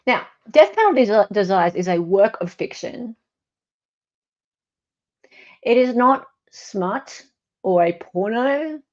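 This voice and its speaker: A woman's voice: medium pitch, big pitch swings, slow pace, pauses often, a little mellow. An Australian woman hosts a casual livestream and reads viewer comments aloud. She talks in a chatty, wry way and corrects herself mid-sentence. The recording sounds dull and lo-fi. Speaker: online commentator.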